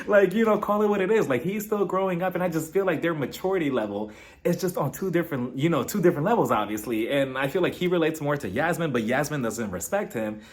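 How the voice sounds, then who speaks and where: A man with a fairly high voice that swoops up and down as he dishes on a reality TV episode. His delivery is chatty and gossipy, and he breaks into laughter often. He sounds like he is talking straight to his viewers. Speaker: reality TV recap host. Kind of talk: casual gossipy episode review.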